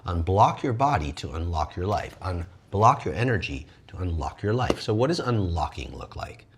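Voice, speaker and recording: A man teaching energy arts in an animated, lively way, often jumping into high playful voices for the people he quotes. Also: normal speed, noisy background. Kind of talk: animated wellness talk.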